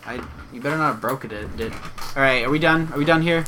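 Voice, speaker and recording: A young man co-hosting a podcast, chatting casually and jokingly, swinging between loud bursts and mumbling. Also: mid-range voice, quick pace, a little hiss or hum. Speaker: podcast co-host. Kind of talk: casual chat.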